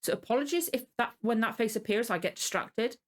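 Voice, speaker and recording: A woman's voice: a little high, a little fast. A tired woman hosting a reaction video, rambling casually and apologizing often. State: tired and yawning.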